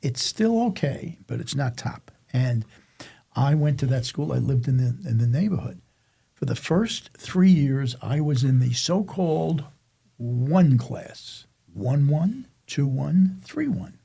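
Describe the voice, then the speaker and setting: An older man tells a rambling childhood story in casual chat, often restarting his sentences. His voice is very gravelly and husky, with a dark, mellow tone. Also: medium pitch, animated, takes it slowly. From Staten Island, New York. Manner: rambling, self-interrupting storyteller. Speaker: podcast guest telling a life story.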